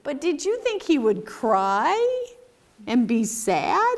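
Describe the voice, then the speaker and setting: A woman's voice: fairly high pitch, takes it slowly. A woman reading a picture book aloud at a children's story time, asking the kids questions as she goes. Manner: animated, sing-song, asks children questions. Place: community library story time.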